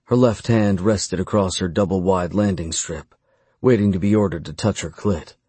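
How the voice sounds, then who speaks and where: A man with a very deep, husky voice reads an erotic story in the first person. His delivery is slow, measured and commanding, and the recording is close and dry with no room sound. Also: warm tone, dry recording. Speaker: audiobook narrator.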